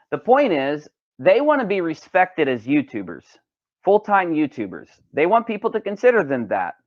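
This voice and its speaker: A man on a home live stream rambles loosely to his chat, swearing freely and talking to his pet. His voice sits a little high and swings widely in pitch. The mic is dull and lo-fi, with a dry, close sound. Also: no room sound. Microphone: desk microphone.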